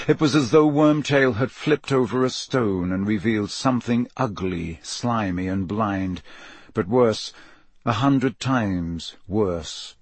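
A man reading an audiobook in a measured, dramatic narration style. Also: on the low side, slightly rough, no room sound. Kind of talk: scripted narration.

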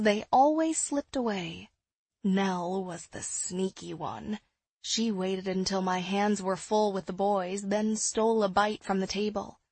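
A young woman reading a first-person audiobook in a soft, measured way on a close microphone. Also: mid-range voice, no echo. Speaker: narrator. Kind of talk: audiobook narration.

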